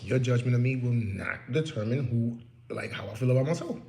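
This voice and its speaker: Gravelly man giving casual pep talk. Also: mid-range voice, normal speed, warm tone, roomy sound, a little hiss or hum. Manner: candid, preachy, talks to the listener directly. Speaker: real estate investor. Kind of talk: casual motivational talk while working. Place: office.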